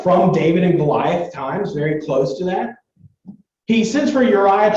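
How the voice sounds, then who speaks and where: Young guy teaching a bible lesson, lots of likes and uhs, slightly high voice, far off the mic, really echoey. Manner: chatty, filler-heavy, animated retelling. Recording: distant echoey lo-fi recording.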